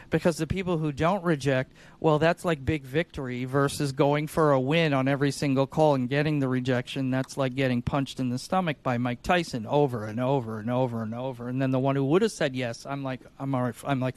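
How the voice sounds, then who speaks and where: A man on an insurance sales podcast giving tactical advice in a lively, demonstrative way, often acting out calls. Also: medium pitch, a little fast. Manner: animated, acts out sales calls.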